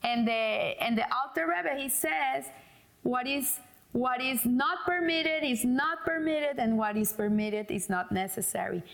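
Speaking a little slowly in a high, gravelly, slightly bright voice, a middle-aged woman teaches an informal Torah class. Her conversational delivery has many fillers and restarts, and she voices the quoted dialogue in a joke.

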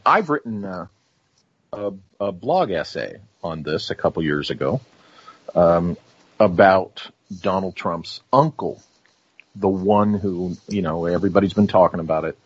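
A man speaking as a guest on a radio talk show, measured and full of "um" and "you know" as he explains his views. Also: deep voice, husky, muffled recording. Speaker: guest author and researcher.

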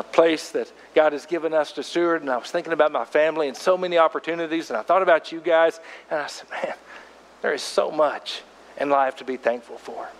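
A man's voice: a little high, big-room sound. An older man preaching a sermon as pastor, in a folksy, conversational storytelling way.

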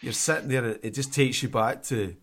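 A man's voice: medium pitch, brisk, a bit bright, a little hiss or hum. A man co-hosting a podcast, joking and ranting in casual chat with lots of laughter. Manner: jokey, ranting, laughs a lot. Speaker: podcast co-host.

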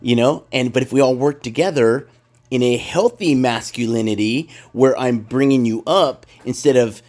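A man's voice: medium pitch, moderate pace, a little mellow. A man in casual podcast chat, rambling and emphatic, swearing freely as he makes his points.

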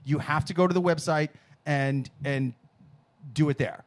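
A man hosting a casual comedy talk show, telling a story in an animated, profane way. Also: fairly high pitch, moderate pace. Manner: animated storyteller, swears freely. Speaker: podcast host.

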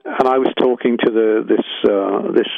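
Brief: male musician guest, halting and reflective, tinny phone-quality recording. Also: lowish voice, fairly even intonation, gravelly, no echo. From England. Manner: hesitant, searching, many restarts. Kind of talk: reflective interview storytelling.

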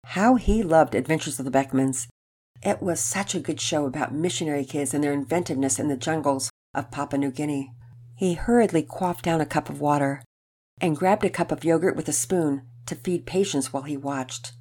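A woman reading a children's story aloud in an expressive, storytelling way. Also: low-pitched, normal speed, breathy edge.

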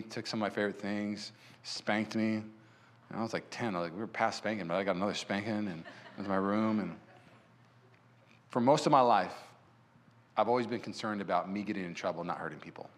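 A male pastor preaching a sermon in a church, telling stories in an animated way and acting out what people said. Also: lowish voice, a little fast, pauses often, a little hiss or hum. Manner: animated storyteller who acts out quotes. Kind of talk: sermon with personal storytelling.

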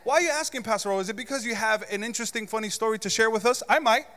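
Animated preacher in a reverberant hall. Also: male voice, high voice, rapid-fire. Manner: animated, shouting and gasping for comic effect. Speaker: pastor. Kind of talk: sermon with storytelling. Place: church sanctuary.

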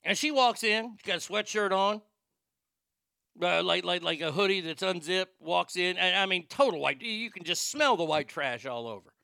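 A man's voice: high-pitched, animated, normal speed, creaky, sharp tone, clean tone, dry recording, studio quality. A man telling a crude, rambling, mocking story in a casual rant. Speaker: storyteller and prank caller.

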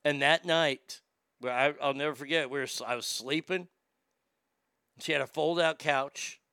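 A man tells candid, rambling family stories to listeners who know him, swearing freely. His voice is gravelly and forceful, with a tense edge. It sounds close and dry, with no room echo. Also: on the high side, normal speed. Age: adult. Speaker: storyteller. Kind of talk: casual storytelling to a familiar audience.

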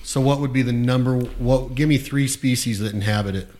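A man's voice: medium pitch, brisk, darkish tone. A man hosting a podcast, chatty and upbeat, introducing his guest and asking eager questions. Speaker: podcast host. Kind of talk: casual podcast interview.

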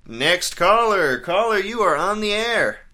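A man's voice: high-pitched, animated, unhurried, sharp tone, slight background noise. A man hosting a comedic call-in radio bit with a showy, theatrical delivery.

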